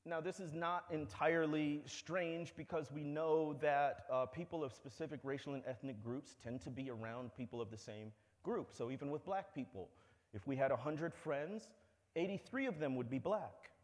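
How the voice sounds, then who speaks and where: A man's voice: a little high, moderate pace. A man giving a public talk, telling stories in a conversational, wry way. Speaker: speaker. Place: lecture hall. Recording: long hall reverb.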